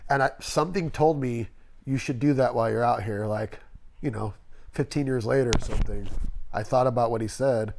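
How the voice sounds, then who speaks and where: A man's voice: mid-range voice, a little fast, gravelly, darkish tone, a little hiss or hum. A middle-aged man, a tattoo artist guest, telling long, rambling stories in a casual interview and acting out the people he quotes.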